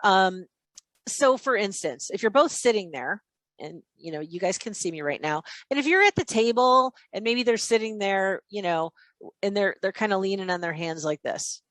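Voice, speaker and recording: A woman leading a live online sales training session, in an energetic and chatty teaching manner over a video call. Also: mid-range voice, moderate pace, dry recording.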